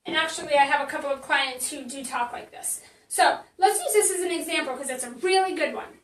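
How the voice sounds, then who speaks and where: A woman's voice: sits high, brisk, a bit bright, reverberant, far from the mic, rough recording. A woman marketing coach teaching in a casual live stream, chatty and blunt, with many fillers and restarts.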